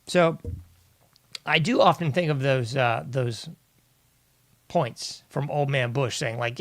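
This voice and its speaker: A man's voice: mid-range voice, slow, pauses often, dry recording. A male host giving an exasperated, ranting political commentary monologue, often addressing his listeners as "folks".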